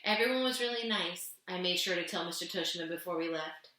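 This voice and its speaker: Woman reading a kids' book aloud, bright clear tone, lots of room echo. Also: brisk. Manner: gentle storytelling, voicing characters with raised pitch. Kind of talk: reading a children's novel aloud. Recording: echoey room.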